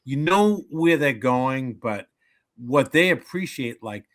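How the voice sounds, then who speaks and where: A man's voice: mid-range voice, takes it slowly. A man in his seventies, a comedian telling jokes and stories in a casual interview, acting out voices as he goes. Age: 70s. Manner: animated joke-telling, acts out voices. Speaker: comedian guest.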